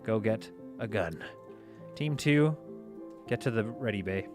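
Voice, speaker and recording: A man commentating live over a space strategy game, giving orders to his crew and reacting out loud as things go wrong. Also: fairly low pitch, unhurried, music in the background. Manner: excitable, talks to himself and his crew while playing. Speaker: gaming streamer.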